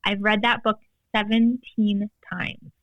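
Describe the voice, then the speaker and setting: A woman's voice: medium pitch, flat delivery, slow pace, no room sound, dull audio. A woman guest coach talking emphatically in casual podcast chat, with lots of "like" fillers. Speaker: guest, tantra and embodiment coach.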